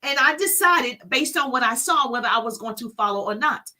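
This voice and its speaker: Middle-aged female business coach, phone live-stream, bright lively delivery. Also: fairly high pitch, a little fast. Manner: energetic, hypes viewers by name.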